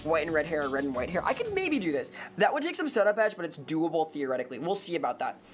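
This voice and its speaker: A talkative woman streams a game and chats freely with her viewers. Her voice swoops up and down with lively energy, and she breaks into laughter often. Soft music plays faintly underneath. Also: sits low, fast. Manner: chatty and animated, laughs often, answers chat. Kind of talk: casual live-stream chat while gaming.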